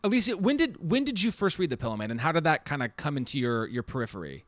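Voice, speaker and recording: Host, a man, animated and effusive, dry close sound. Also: fairly high pitch, fast talker, dry recording. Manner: effusive, interrupts with excited praise. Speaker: podcast host. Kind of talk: casual conversation.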